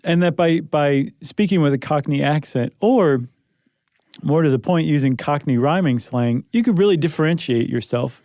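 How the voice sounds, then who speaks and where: A man's voice: fairly high pitch, moderate pace, darkish tone, no echo. Chatty joking man, dry studio sound. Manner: chatty, joking, laughs often. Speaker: podcast co-host. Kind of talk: casual chat.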